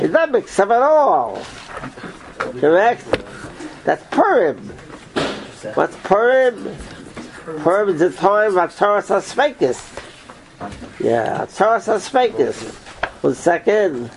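A man giving an informal Torah class, quizzing his listeners in an animated way. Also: high voice, takes it slowly, pauses often, noisy background. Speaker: Torah teacher.

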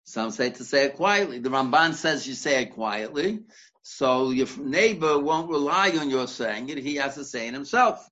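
A man's voice: mid-range voice, lively intonation, normal speed, a bit bright. A man teaching a Torah study class, explaining step by step and quoting Hebrew and Aramaic sources, often restarting words as he thinks. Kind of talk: Talmudic study lecture. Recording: dull lo-fi recording.

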